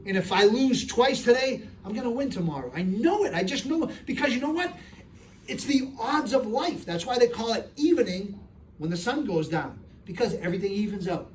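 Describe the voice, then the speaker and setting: Middle-aged man, streetwise and earnest, speaking to a room from a distance with faint noise behind, voice sitting a bit high. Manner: streetwise, earnest, tells stories with acted voices. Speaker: speaker answering audience questions. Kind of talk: live audience Q&A. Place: room with a live audience.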